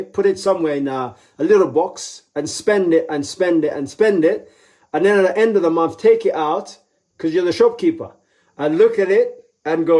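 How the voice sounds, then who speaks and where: Emphatic motivational speaker, man. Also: mellow. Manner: emphatic, repeats key phrases; acts out quoted voices with pitch jumps. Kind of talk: live motivational talk.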